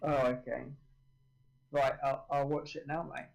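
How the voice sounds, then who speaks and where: A man's voice: medium pitch, flat delivery, unhurried, vocal fry, rough recording. A young man, a university student, chatting casually as a stream guest in a laid-back, dry way. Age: young adult.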